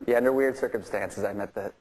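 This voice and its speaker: A man's voice: on the low side, quick pace, darkish tone. A man who plays in a touring rock band, telling a rambling anecdote in an interview, laughing often and acting out the voices of the people in his story. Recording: interview clips with clear background noise.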